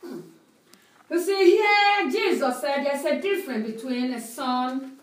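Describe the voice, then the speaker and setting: A woman preaching a sermon with an interpreter, speaking slowly and emphatically and repeating phrases. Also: high voice. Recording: echoey hall, distant mic.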